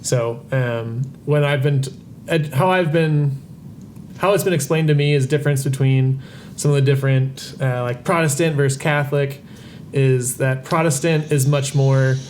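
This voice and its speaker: A man's voice: medium pitch, fairly even intonation, moderate pace, a little mellow, slight background noise. A man talking as a podcast guest, reflective and often correcting himself. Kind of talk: casual chat.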